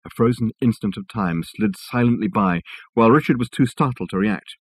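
A male audiobook narrator reads a novel in a measured, wry way. His voice is husky and a little low. He sits close to the mic, and the sound is dry with no room echo.

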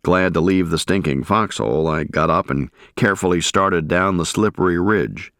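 A man narrating a first-person war memoir in a measured, grave storytelling manner. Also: low-pitched, a bit bright, dry recording, studio quality. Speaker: audiobook narrator.

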